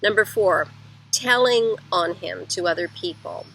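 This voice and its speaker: A woman's voice: lowish voice, measured pace, creaky, a bit bright, slightly rough, low-quality recording. A middle-aged woman giving parenting advice in a conversational teaching talk, going through her points one by one.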